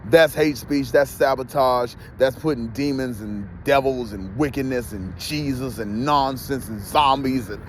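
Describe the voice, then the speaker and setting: A man's voice: medium pitch, a little slow, hardly any pauses, a little hiss or hum. A man ranting heatedly to his viewers in a profane, repetitive vlog monologue. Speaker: vlogger.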